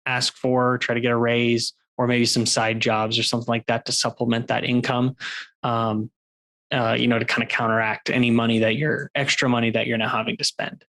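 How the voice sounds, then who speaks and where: Man, podcast co-host, monotone delivery, creaky gravelly voice, unhurried advice. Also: medium pitch. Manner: unhurried, gives practical money advice. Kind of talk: casual finance podcast chat.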